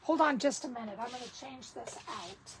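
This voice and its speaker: A woman giving a casual card-making tutorial, talking slowly and thinking aloud as she works. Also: fairly high pitch, background noise.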